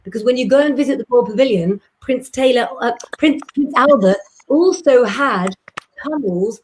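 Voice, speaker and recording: A woman's voice: a little high, normal speed, a little hiss or hum, poor audio. Chatty woman hosting a live stream. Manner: chatty, playful, stumbles over words. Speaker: host. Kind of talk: casual live chat.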